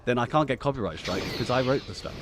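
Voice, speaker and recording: A man's voice: medium pitch, quick pace, noisy background. A young man from England co-hosting a casual livestream chat, stammering and repeating words as he talks. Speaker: podcast co-host.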